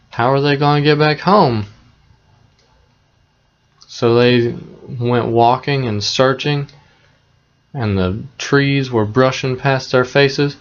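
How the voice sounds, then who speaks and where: A man retelling a fairy tale in a plain, conversational, unhurried way, with small asides to the listener. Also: mid-range voice, lo-fi sound. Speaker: storyteller.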